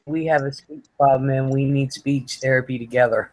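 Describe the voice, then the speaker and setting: A woman's voice: a bass voice, steady tone, moderate pace, a little mellow. Female host, loose and playful, frequent laughter, light background hiss. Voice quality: laughs often, playful teasing. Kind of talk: casual live-stream chat reading comments.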